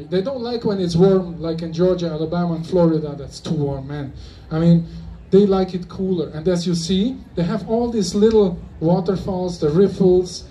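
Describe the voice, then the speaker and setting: Speaking with a German accent, this man from Germany has a high voice with a dark tone. At a convention he gives a rambling, jokey talk to a live crowd, tossing in playful asides, and a distant mic picks up faint noise.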